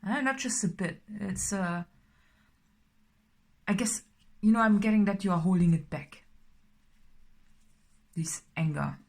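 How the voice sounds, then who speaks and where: A woman's voice: medium pitch, moderate pace, pauses often, a little mellow. A woman doing a casual tarot reading, talking in a rambling way with many fillers and sometimes dropping to a whisper. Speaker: tarot reader.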